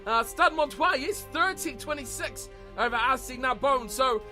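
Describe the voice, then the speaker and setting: Very high-voiced man calling rugby gameplay. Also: normal speed. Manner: play-by-play caller, lively and chatty. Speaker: video game let's player. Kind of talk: mock sports commentary over gameplay. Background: game music.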